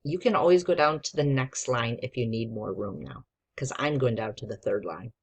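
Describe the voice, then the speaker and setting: A woman's voice: extremely low pitch, normal speed, slightly rough. A woman teacher giving a patient, encouraging spelling lesson to young children and sounding out letters.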